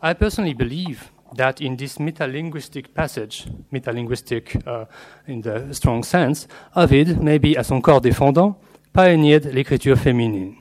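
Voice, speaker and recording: A man delivering an academic lecture on literature, read from a prepared paper in a measured, scholarly way with Latin and French terms woven in. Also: medium pitch, darkish tone.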